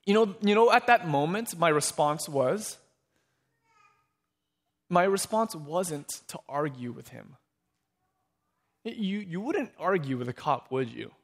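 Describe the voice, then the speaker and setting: A man preaching a sermon in an animated way, often restarting with repeated words. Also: fairly high pitch, takes it slowly, long pauses. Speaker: pastor.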